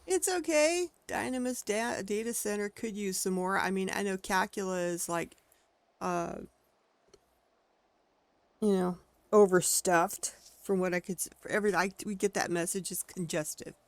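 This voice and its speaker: Gravelly-voiced woman chatting through a game. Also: medium pitch, unhurried, dry recording. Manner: chatty, thinks aloud, gasps and exclaims at what she finds. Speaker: game streamer. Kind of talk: casual gameplay commentary.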